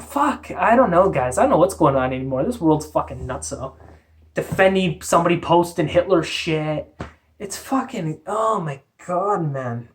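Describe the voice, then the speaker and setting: A woman from Canada, delivering a profane, exasperated, blunt rant on her vlog. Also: lowish voice. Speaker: vlogger. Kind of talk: ranting commentary vlog.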